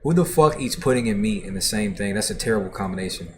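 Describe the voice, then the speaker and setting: A man's voice: on the low side, animated, quick pace, a bit bright, slight background noise. A man hosting a music reaction livestream, chatting casually and reading viewer comments aloud in a laid-back, profane way.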